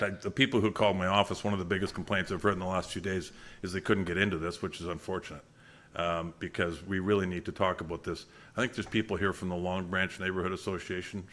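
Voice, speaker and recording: A man's voice: deep voice, fairly bright tone. A middle-aged man, a member of parliament, speaking at a town hall in an earnest, emphatic way with frequent restarts. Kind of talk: public town hall speech.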